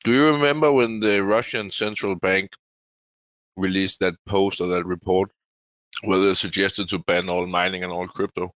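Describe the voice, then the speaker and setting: A man in a casual online chat, relaxed and chatty, cutting in to make his point. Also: deep voice, moderate pace, low-quality recording.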